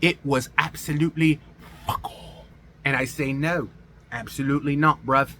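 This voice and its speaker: A man putting on an exaggerated mock Aussie-British bloke voice, flatly and defiantly refusing. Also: a little high, normal speed, a little hiss or hum.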